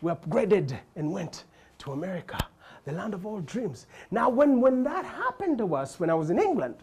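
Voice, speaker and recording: A middle-aged man from Uganda with a Ugandan accent, telling stand-up comedy stories with animated, constant voice switching. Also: high-pitched, normal speed, a little hiss or hum. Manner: animated, frequent voice switching and laughter.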